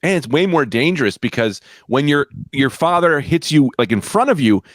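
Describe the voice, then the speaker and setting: A man's voice: normal speed, dry recording, studio quality. A man co-hosting a comedy podcast, joking in casual banter and jumping into mock voices. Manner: jokey, lively, bursts into high mock voices.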